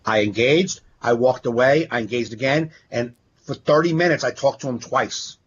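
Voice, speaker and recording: Man, comedian, swearing through animated stories, dull lo-fi sound. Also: mid-range voice, moderate pace, a little hiss or hum. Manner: profane, animated storytelling with acted quotes. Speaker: stand-up comedian, podcast host. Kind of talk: casual chat, storytelling. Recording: dull lo-fi podcast audio.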